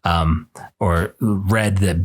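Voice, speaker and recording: A man's voice: fairly even intonation, very slow. A man hosting a podcast, giving a casual, opinionated book review in an indignant, emphatic way. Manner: indignant, emphatic, voice jumps higher when worked up.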